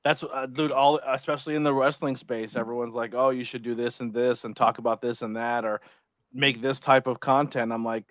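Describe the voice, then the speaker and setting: A man's voice: mid-range voice, flat delivery, a little fast, a bit bright, no echo. A man hosting a podcast in casual chat, joking and blunt, swearing freely. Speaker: podcast host.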